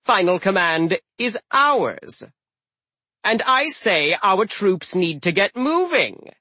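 A man's voice: fairly high pitch, sing-song, slow pace, a bit bright, dry recording, voice pushed up, exaggerated voice. A man doing a snide trickster god. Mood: impatient. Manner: snarling, mocking, strained patience. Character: sly scheming male trickster god, snide. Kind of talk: audiobook character voice.

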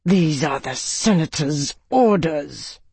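A man's voice: medium pitch, expressive, moderate pace, husky, dry recording. A man reading an audiobook, voicing a cold, hostile female agent who speaks in clipped threats. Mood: curt.

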